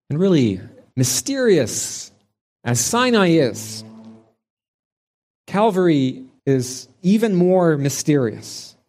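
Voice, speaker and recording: A man preaching a sermon in a slow, measured, reflective way, pausing often between phrases. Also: mid-range voice, a little mellow.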